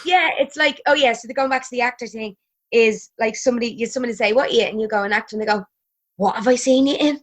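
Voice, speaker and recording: A woman's voice: fairly high pitch, fast. A woman in her thirties with an Irish accent, chatting as a podcast guest, laughing and swearing freely. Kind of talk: casual chat.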